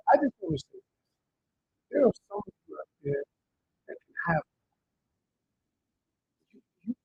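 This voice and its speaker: Into a handheld microphone, a man who works as a relationship coach gets emotional telling a personal story on a live stream, addressing viewers directly as "y'all." His voice sits high and sounds creaky and husky, and the sound is lo-fi.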